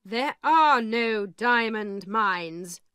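A woman voicing a calm, grave male lawyer in a storybook reading, with a slow, matter-of-fact delivery. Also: fairly high pitch, smooth, no room sound, clean studio sound, full character voice.

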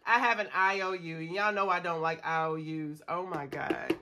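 A woman's voice: fairly low pitch, normal speed, heavy background noise. A young woman chatting to her viewers as she counts money and scratches off savings cards. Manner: chatty, animated, talks to viewers as y'all, counts money aloud. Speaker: budgeting vlogger. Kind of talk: casual chat to viewers while scratching off savings.

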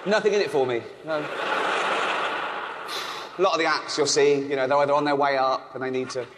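A man from England doing a deadpan, offhand stand-up routine on stage at a charity event. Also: a little high, fairly quick, big-room sound. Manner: deadpan, offhand, with frequent ums and chuckles. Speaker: stand-up comedian. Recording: noisy live venue.

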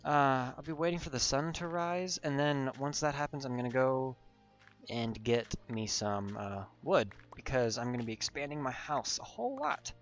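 A young man talking through his game in a loose, jokey ramble, drifting off topic and back again. His voice sits at an ordinary middle pitch, with soft music in the background. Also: animated, normal speed, lo-fi sound. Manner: goofy, rambling and jokey, loses his train of thought. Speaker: gaming channel host. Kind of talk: gameplay commentary.

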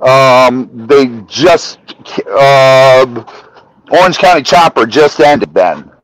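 A man on a podcast telling a story in casual, animated talk, swearing often and acting out the dialogue. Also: medium pitch, takes it slowly, no room sound, low-quality recording. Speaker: podcast guest.

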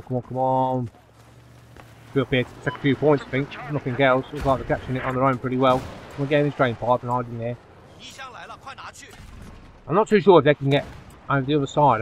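A man giving live commentary over his own online shooter match, dropping to low muttering and then yelping loudly when the action heats up. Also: a little hiss or hum. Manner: excitable, swings from low muttering to loud yelps. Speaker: gaming YouTuber.

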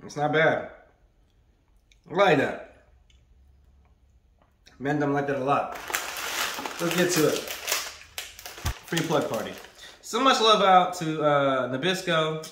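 A man's voice: mid-range voice, a bit bright, slight background noise. A man casually reviewing snacks in a loose, playful vlog manner, repeating himself as he talks. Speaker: food reviewer. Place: indoors, standing. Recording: roomy echo.

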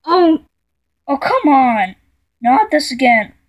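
A woman voicing a quick-tempered female computer error that scolds the user, threatening and stammering as she goes. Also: high-pitched. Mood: angry scolding.

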